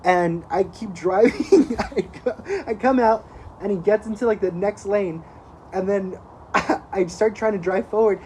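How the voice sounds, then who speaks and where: A man's voice: sits high, a little slow, a little mellow, slight background noise, low-quality recording. Swearing man telling a story. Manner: rambling, swears a lot, laughs while telling a story. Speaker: podcast co-host. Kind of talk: casual storytelling chat.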